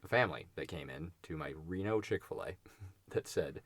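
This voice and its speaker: A man with a very low voice co-hosts a casual podcast, chatting loosely and laughing as he goes. He trails off and restarts his sentences mid-story, and his voice sits dry and close to the mic. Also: lively intonation, normal speed, a bit bright, no room sound. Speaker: podcast co-host. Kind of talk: casual chat.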